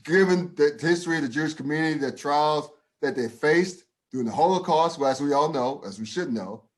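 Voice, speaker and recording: A brisk, higher-pitched man from the United States trades opinions as a podcast co-host. His delivery is emphatic and profane, and his sentences frequently break off and start again.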